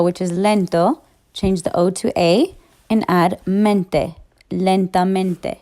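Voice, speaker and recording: A woman's voice: lowish voice, darkish tone. A woman teaching Spanish grammar in a recorded lesson, patiently walking through each rule one step at a time.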